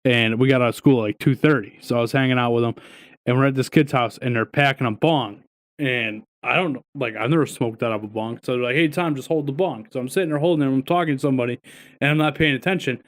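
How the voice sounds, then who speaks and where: A young adult man co-hosting a podcast, telling stories in a casual, profane, animated way, full of "dude" and "right?". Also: mid-range voice, quick pace, no echo. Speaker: podcast co-host. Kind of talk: casual storytelling chat.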